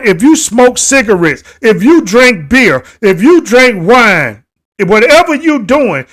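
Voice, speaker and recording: A man with a high voice hosts a live stream and talks straight to the people watching. He sounds indignant and repeats his points, asking viewers questions and breaking into emphatic outbursts. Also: fairly bright tone. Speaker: livestream host.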